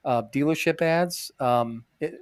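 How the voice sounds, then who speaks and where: A man's voice: a little high, a little slow, clean tone, no room sound. A man co-hosting a podcast in casual chat, rambling, swearing a lot and laughing often, talking from a bathroom. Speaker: podcast co-host.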